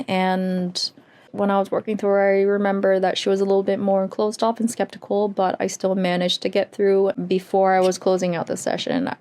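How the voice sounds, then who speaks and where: A woman's voice: mid-range voice, darkish tone. A woman who works as an energy healer, telling her personal story in an earnest, reflective way. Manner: earnest, reflective, with laughs and sighs.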